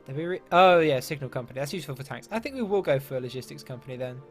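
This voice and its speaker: A man's voice: medium pitch, lively intonation, rapid-fire. A man from England commenting casually on a strategy game, thinking aloud and muttering asides. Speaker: let's play gamer. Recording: faint game music behind.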